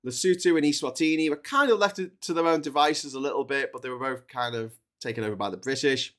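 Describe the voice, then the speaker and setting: A man hosting a long livestream, talking through history in a loose, chatty way. He rambles, stumbles into restarts and fills gaps with ums and uhs. His voice sits at an ordinary middle pitch for a man. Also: fast. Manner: lively country-by-country list with a rising voice. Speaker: livestream host. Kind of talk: casual history talk on a livestream.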